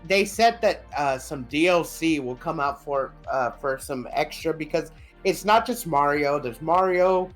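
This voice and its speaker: A laid-back podcast co-host at a middle pitch, chatting casually and chiming in with jokes and the odd swear. Faint music plays underneath. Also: a little slow. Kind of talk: casual chat.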